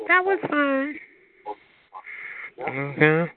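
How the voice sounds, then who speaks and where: Sassy male heckler, lively swooping pitch, tinny noisy phone call. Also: very slow. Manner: sassy, mocking, swearing, calls others honey and child. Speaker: chatline heckler. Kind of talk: taunting phone chatline banter.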